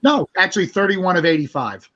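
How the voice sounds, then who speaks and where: A man playing a tabletop game, talking in a brisk, matter-of-fact way. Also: high voice, sing-song, fairly bright tone. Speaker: player. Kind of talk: casual chat. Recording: dull lo-fi mic with faint hiss.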